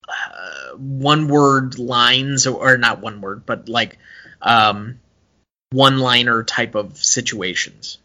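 A man's voice: mid-range voice, sharp tone. A man co-hosting a casual film podcast, talking in an analytical way with many hesitations and fillers. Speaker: podcast co-host.

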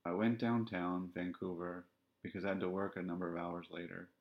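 A man hosting a podcast, telling a personal story in a reflective, halting, candid way. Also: low voice, little pitch movement. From Canada. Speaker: podcast host. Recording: dull lo-fi sound.

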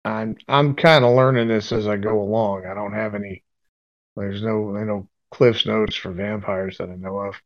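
A man with a fairly low voice plays his character in a tabletop role-playing game. He speaks hesitantly and often restarts his sentences. The recording is dull and lo-fi. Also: fairly even intonation, moderate pace, no echo. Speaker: player. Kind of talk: casual tabletop play. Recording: dull lo-fi sound.

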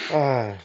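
A man's voice: on the high side, a little mellow, muffled recording. A man telling a story in casual podcast chat, acting out quoted lines and laughing often. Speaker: podcast guest.

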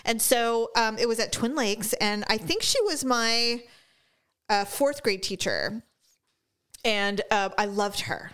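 Middle-aged woman, casual chat, storyteller who does voices, a bit high. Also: takes it slowly, clean tone. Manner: animated storyteller, acts out voices.

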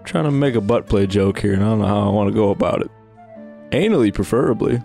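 Man, lowish voice, joking, tabletop player, faint music. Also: fast, gravelly, warm tone. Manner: joking, wry. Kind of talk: casual tabletop play.

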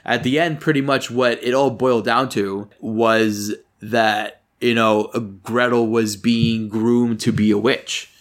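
A man co-hosting a podcast, chatting casually about a film, rambling and swearing and getting animated when something annoys him. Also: mid-range voice, slow, few pauses. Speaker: podcast co-host. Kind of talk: casual movie review chat.

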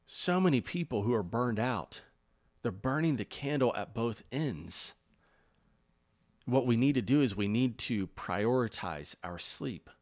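A man preaching a sermon, earnest and encouraging, rising loud on key points and dropping soft and slow when he speaks of rest. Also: medium pitch. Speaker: pastor.

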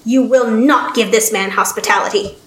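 A woman's voice: a little high, steady tone, normal speed, slight background noise, lightly acted. A woman reading a story, voicing an arrogant, domineering baron scientist who speaks in a haughty, commanding way. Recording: roomy echo.

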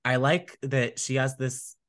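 A man's voice: mid-range voice, fairly even intonation, measured pace, fairly bright tone. Rambling man in a casual chat. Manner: rambling, laughs often, many fillers. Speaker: podcast co-host.

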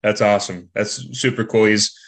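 A man co-hosting a hockey podcast, asking relaxed questions full of fillers. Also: on the low side, normal speed. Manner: relaxed, easy laughter, filler-heavy questions. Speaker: podcast co-host. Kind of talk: casual interview chat.

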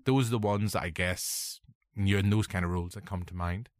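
A man talks films on a casual podcast, his voice sitting on the low side. He sounds enthusiastic and slips into put-on voices when quoting scenes. The recording is dry and close, with no room sound. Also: fairly quick, no echo. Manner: enthusiastic, quotes film lines in put-on voices. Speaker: podcast co-host. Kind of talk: casual film review chat.

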